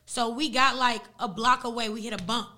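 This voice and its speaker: Bright-voiced young woman telling a story. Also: on the high side. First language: Arabic. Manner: animated, slangy, fast retelling. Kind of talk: casual storytelling.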